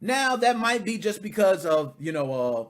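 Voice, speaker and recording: A man hosting a video reaction, talking casually in an animated, profane, indignant way. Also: high voice, normal speed.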